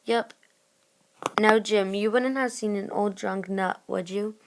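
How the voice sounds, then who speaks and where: A woman's voice: mid-range voice, fairly even intonation, takes it slowly, background noise. Polite, concerned doctor, voiced by a woman; storybook reading. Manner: polite, formal.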